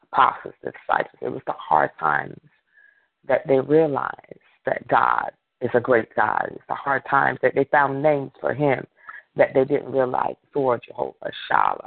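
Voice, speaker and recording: A man's voice: medium pitch, vocal fry, no echo. A male preacher giving a fervent sermon over a prayer line, building it on repeated phrases and calls for an amen. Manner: repetitive call-and-response preaching, fervent. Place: remote prayer line by phone. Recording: tinny phone line.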